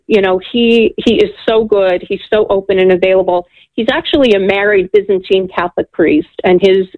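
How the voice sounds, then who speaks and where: A woman who is a guest on a radio talk show, speaking in an earnest, encouraging way. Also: mid-range voice. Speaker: guest, ministry leader. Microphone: phone. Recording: phone line.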